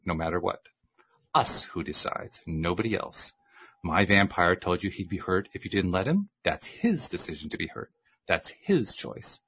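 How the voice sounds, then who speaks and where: A man reading aloud, voicing a calm male spiritual teacher who explains patiently. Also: deep voice, slightly rough, exaggerated voice, low-quality recording.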